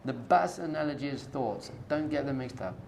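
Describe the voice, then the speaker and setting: A man's voice: medium pitch, lively intonation, normal speed, vocal fry, darkish tone, a little hiss or hum. A man, a rabbi, giving an informal spoken lecture to a live group, coaching them directly with everyday analogies in a conversational tone. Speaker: rabbi teaching a class.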